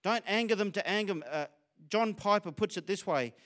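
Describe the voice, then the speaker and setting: A man's voice: sits high, a little fast, a bit bright. A middle-aged Australian man preaching a sermon in a conversational, storytelling way, sharing stories about himself. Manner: conversational, storytelling, self-disclosing.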